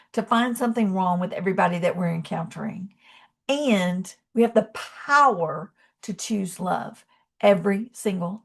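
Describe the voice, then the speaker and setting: A middle-aged woman speaks to her viewers in a heartfelt, conversational storytelling voice, loose and full of small fillers. Her pitch sits in an ordinary middle range. She turns earnest and inspirational as she addresses her audience with affection. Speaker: channel host.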